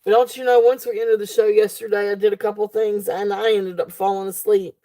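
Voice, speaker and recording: A woman's voice: medium pitch, little pitch movement, brisk, warm tone. A woman hosting a live jewelry sale stream, chatting casually in a rambling way with frequent laughter. She sounds sleepy and keeps yawning.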